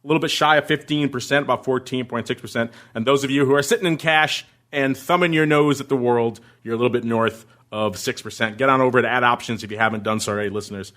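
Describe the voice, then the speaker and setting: A man's voice: medium pitch, fairly even intonation, quick pace, hardly any pauses, fairly bright tone. A man hosting a podcast in casual chat, joking and laughing as he reads listener messages. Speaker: podcast host.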